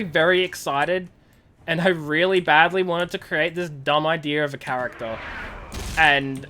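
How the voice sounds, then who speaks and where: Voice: medium pitch, pushed and bright. A game streamer chatting casually while playing, joking and laughing often. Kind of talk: casual gameplay chat.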